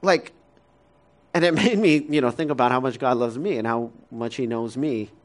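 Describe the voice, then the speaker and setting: A man in his thirties preaching a conversational sermon as a pastor, casual and full of fillers, often laughing, moving between soft, quiet stretches and lively ones. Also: mid-range voice, moderate pace.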